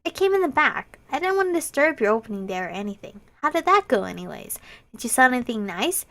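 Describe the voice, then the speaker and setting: Woman voicing a sweet, comforting young guy from a visual novel, high and animated. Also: fast talker. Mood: eager. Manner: bright, excitable reading of a visual novel. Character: kind, eager young man, gentle and comforting.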